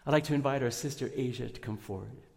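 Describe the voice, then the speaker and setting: A man pastor giving an Easter sermon in a church, earnest and prayerful, pushing up for emphasis and then going soft. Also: mid-range voice, fast, creaky, big-room sound.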